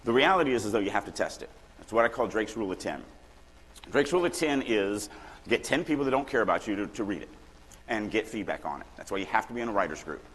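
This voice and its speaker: A middle-aged man from Louisiana giving a casual, animated writing workshop talk at a conference, acting out quoted lines now and then. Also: on the low side, fast, slightly rough. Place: conference hall. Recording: long hall reverb, faint room noise.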